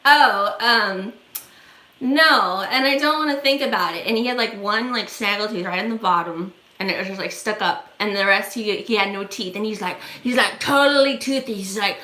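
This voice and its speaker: A woman's voice: mid-range voice, fairly quick, hardly any pauses, bright, forceful tone. A woman vlogger telling a story on a livestream in a rambling, chatty way, full of fillers, in an echoey room. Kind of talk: casual storytelling.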